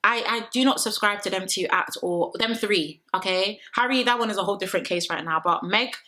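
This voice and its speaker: Young female recap vlogger: bright, sassy, opinionated casual chat. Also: mid-range voice, a little fast. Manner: opinionated, sassy, quotes people in mock voices. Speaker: reality show recap vlogger. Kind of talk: chatty recap to camera.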